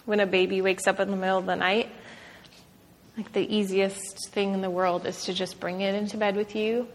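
A woman in her thirties shares a faith talk with a room of other mothers. She speaks in an earnest, casual way, full of "like" and "um", at a middle pitch. Her voice rings with the long reverb of a large hall. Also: flat delivery, moderate pace, a little hiss or hum. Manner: earnest, conversational, frequent "like" and "um". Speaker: speaker at a women's gathering. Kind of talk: devotional talk.

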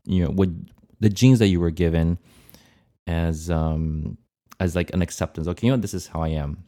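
A man's voice: sits low, fairly even intonation, moderate pace, dark tone. A man co-hosting a podcast, speaking thoughtfully and with some hesitation in casual chat. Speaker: podcast co-host.

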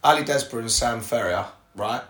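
Bright-voiced young English man, rambling. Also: mid-range voice, brisk. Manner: rambling, sweary, direct address to listeners. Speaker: podcast host. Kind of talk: casual personal storytelling.

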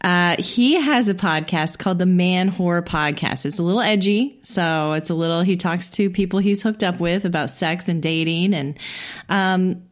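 A woman's voice: on the low side, normal speed. A middle-aged woman from Indiana hosting a podcast, making casual, friendly, self-deprecating announcements. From Indiana, USA. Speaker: podcast host.

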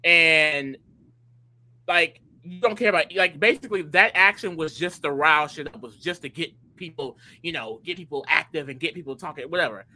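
A podcast co-host recapping a reality competition episode in excitable casual chat, peppering speech with "like.". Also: mid-range voice, moderate pace, rough recording. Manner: excitable, animated, fills talk with "like".

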